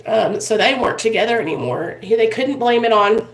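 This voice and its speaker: A woman's voice: on the high side, expressive, a little fast. Chatty woman vlogging in an echoey room. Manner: rambling, chatty, addresses viewers as "you guys". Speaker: vlogger in addiction recovery. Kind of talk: casual storytelling to camera. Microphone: built-in camera mic.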